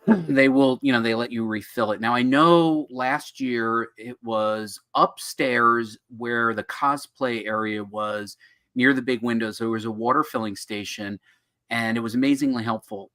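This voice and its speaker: A middle-aged man from New Jersey with a bright, forceful voice at a middling pitch, chatting casually as co-host. He tells stories in a jokey, animated way. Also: a little slow. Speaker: co-host of a comics podcast. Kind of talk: casual chat.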